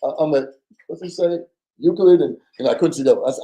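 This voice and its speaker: A man telling a story as a podcast guest, animated and acting out the voices of people in it, often stammering and repeating words. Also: a little high, racing, reverberant, poor audio. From New Jersey. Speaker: podcast guest, former undercover FBI agent. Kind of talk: casual storytelling.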